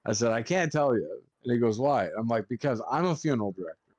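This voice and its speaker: A man's voice: medium pitch, expressive, fast, a little mellow, no room sound, muffled recording. A man who works as a funeral director, chatting on a podcast and swearing freely as he tells stories. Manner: swears a lot while telling stories. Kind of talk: casual podcast chat.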